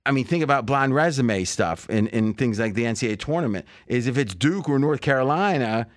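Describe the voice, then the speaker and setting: A man's voice: mid-range voice, expressive, brisk, dry recording, studio quality. Rambling male sports betting host. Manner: rambling, thinks aloud with many fillers and restarts. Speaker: podcast host. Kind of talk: casual sports betting chat.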